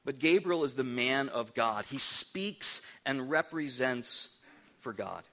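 A man's voice: mid-range voice, expressive, takes it slowly, sharp tone. A middle-aged man preaching a sermon as a pastor, earnest and emphatic, often restarting his words.

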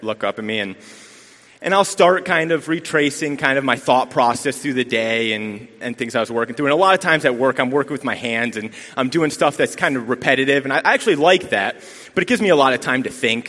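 A man's voice: mid-range voice, fairly bright tone. A man giving a sermon as a lay preacher, telling rambling stories with self-deprecating humor, recorded in a church sanctuary. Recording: long reverb of a church hall.

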